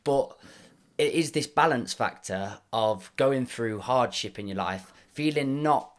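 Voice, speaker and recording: A man's voice: mid-range voice, measured pace. Thoughtful podcast host man. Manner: thoughtful, affirming, many soft backchannels. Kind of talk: reflective interview chat.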